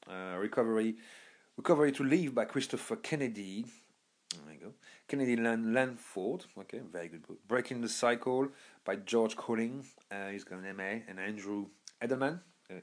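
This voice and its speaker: A young man from Birmingham with a lowish voice, chatting casually as a podcast host. He rambles, trailing off and restarting with plenty of fillers. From Birmingham, England. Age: young adult. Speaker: podcast host recommending books. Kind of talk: casual monologue.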